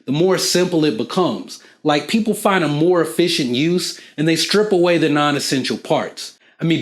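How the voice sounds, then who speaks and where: A man hosting a casual explainer video, talking straight to the viewer in an animated way and acting out small dialogues. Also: on the high side. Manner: animated, acts out little back-and-forth dialogues; asks the viewer questions. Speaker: video host.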